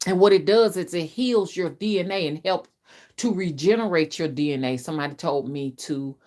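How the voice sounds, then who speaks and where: A middle-aged woman, a spiritual reader, talking to her viewers in a casual, rambling live-stream chat, often repeating herself, her voice rising and dropping sharply. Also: moderate pace. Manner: chatty, repetitive, with big swings in pitch and loudness. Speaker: spiritual reader and channel host.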